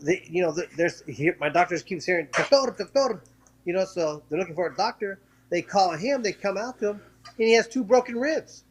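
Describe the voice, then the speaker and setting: A man with a high voice tells the story of one of his fights in a casual interview. He talks in quick bursts, tripping over restarts and repeats, and acts out the lines of the people in the story. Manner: acts out quoted voices while telling a story. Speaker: former professional boxer, interview guest.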